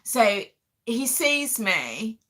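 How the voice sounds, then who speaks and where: A woman's voice: on the high side, very animated, drawn-out words, a bit bright. A middle-aged woman, casually telling an emotional story to her viewers as a vlog host. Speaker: vlogger host.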